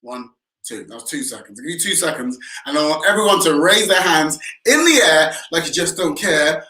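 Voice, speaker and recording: A man's voice: expressive, a little fast. A man with a British accent co-hosting an art class for kids, playful and joking, cheering his young viewers on. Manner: playful, joking, shouts "Boom!". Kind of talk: upbeat kids' tutorial patter. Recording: echoey room.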